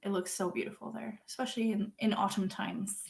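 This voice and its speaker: A young woman chatting casually with her viewers, self-deprecating and laughing often, jumping from loud outbursts to quiet mumbles. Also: medium pitch, fairly even intonation, brisk, creaky. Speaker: streamer reading viewer chat. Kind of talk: casual chat.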